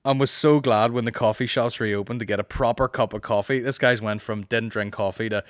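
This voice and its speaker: A man's voice: mid-range voice, fairly even intonation, clean tone, no room sound, studio quality. A man with a Northern Irish accent hosting a casual podcast, rambling and swearing while answering listener questions. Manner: rambling, profane, with quick mocking impressions. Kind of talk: casual chat.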